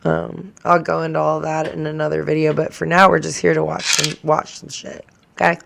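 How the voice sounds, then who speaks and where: Rambling woman with a creaky voice. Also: low voice, little pitch movement, normal speed, background noise. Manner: rambling, chatty, drifts into tangents. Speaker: reaction channel host. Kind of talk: casual chat to camera.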